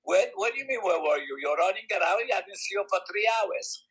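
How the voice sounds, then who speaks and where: A man in his nineties voicing his scolding elderly wife in a raised, shrill voice. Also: lively intonation, fairly quick, a bit bright, breathy edge, full character voice.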